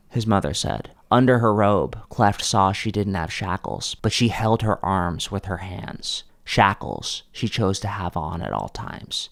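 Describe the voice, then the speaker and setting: Low guy narrating a story, really expressive pitch, dry close mic. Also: unhurried, creaky, hardly any pauses, no echo. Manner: dramatic, with sudden shifts in pace.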